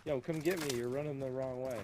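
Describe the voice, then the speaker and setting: A man chatting casually as a teammate in a shooter game, teasing his friend and shouting excited callouts. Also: mid-range voice, fast talker, heavy background noise. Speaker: gaming teammate. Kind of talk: casual voice chat.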